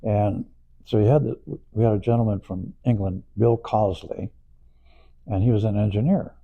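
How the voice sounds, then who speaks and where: Gravelly older man telling anecdotes. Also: fairly low pitch, phone-quality sound. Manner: chuckling, rambling anecdotes. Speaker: interviewee. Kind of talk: anecdotal storytelling.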